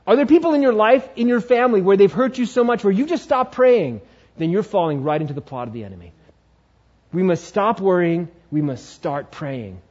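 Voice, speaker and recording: A man with a fairly high voice delivers an emphatic sermon, repeating key phrases to drive them home. His pitch swings dramatically. The recording is muffled and lo-fi. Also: animated, a little fast, a little mellow. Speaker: pastor. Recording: dull lo-fi sound.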